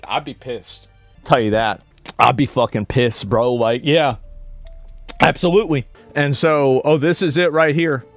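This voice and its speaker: A man's voice: mid-range voice, a little slow, fairly bright tone, no room sound, soft background music. A man in his thirties from the United States, reacting to videos in blunt, profane casual commentary full of restarts and asides.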